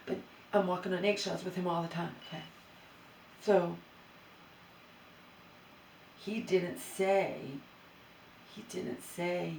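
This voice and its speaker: A woman's voice: lowish voice, level tone, moderate pace, vocal fry, long pauses, darkish tone, far from the mic, a little hiss or hum. A woman vlogger in a rambling, exasperated monologue to camera, recorded in an empty bedroom in her new home. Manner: rambling, exasperated venting with restarts. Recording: roomy echo, voice away from the mic.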